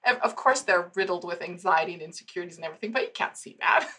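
A woman's voice: on the low side, fast, breathy edge. A woman in her forties, a psychologist and founder from Germany, chatting as a podcast guest and laughing often as she tells stories. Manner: laughs often, animated storyteller. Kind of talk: casual interview chat.

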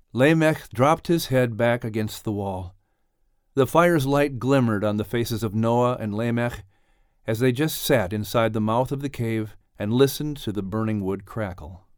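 A man reading an audiobook aloud in calm, measured scripted narration. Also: on the low side, clean tone, dry recording, clean studio sound.

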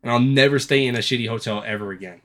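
A man's voice: mid-range voice, quick pace, fairly bright tone, a little hiss or hum. A man co-hosting a casual podcast chat, telling a rambling story full of swearing and acting out the people he quotes. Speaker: podcast co-host.

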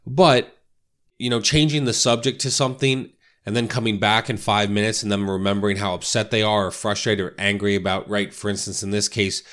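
A man's voice: fairly low pitch, flat delivery, brisk, fairly bright tone. A man coaching real estate agents in a casual, conversational way, often checking in with "right?" and "you know". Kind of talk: casual instructional talk.

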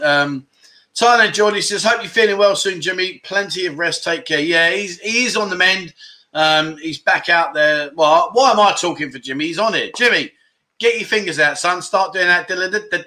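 A lively middle-aged man chats through viewer comments on his livestream, with a bright, forceful voice sitting a little high for a man. He is animated and exclamatory, and now and then he bursts into a loud catchphrase. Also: fairly quick. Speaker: livestream chat show host. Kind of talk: casual chat reading viewer comments.

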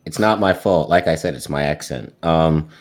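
A man's voice: extremely low pitch, normal speed. A young man in casual chat, joking and teasing, acting out lines for laughs. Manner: jokey, teasing, acts out lines.

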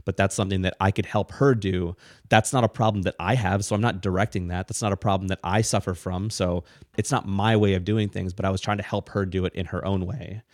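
A middle-aged man co-hosting a casual podcast, explaining ideas in a rambling, animated way with frequent restarts. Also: deep voice, no room sound, clean studio sound. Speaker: podcast co-host, parent.

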